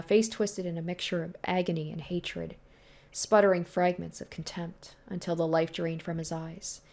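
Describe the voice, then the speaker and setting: A woman's voice: fairly low pitch, darkish tone, close to an everyday voice. A woman reading a visual novel aloud in the voice of a young male ruler, brooding as he tells his story. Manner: brooding, first-person storytelling.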